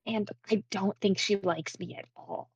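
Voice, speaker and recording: A woman's voice: mid-range voice, a little slow, darkish tone, husky, poor audio. A woman playing a tabletop game in character, giggly and hesitant. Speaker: player.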